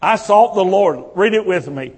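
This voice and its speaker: A man's voice: high-pitched, animated, moderate pace, a little mellow, breathy edge, in a large hall. A male pastor delivering an impassioned sermon with a repetitive preaching cadence.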